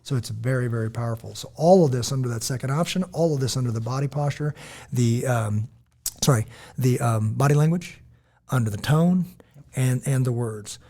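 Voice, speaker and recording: An American man co-hosting a podcast, chatting casually and telling stories, acting out quotes in lively voices. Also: mid-range voice, normal speed. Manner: animated storytelling, quotes others in lively voices. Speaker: podcast co-host. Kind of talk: casual chat.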